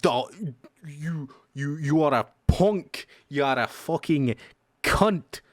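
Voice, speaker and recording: A man's voice: a little high, slow pace, no echo, clean studio sound. A man voicing a hot-tempered male dwarf executioner in a makeshift Scottish accent, hurling coarse insults. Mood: angry.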